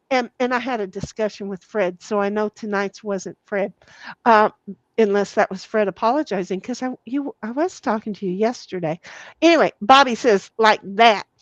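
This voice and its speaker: A woman's voice: on the high side, normal speed, no echo, lo-fi sound. A woman hosting a casual livestream, reading viewer comments aloud in a salty, giggly way and swearing freely. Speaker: livestream host.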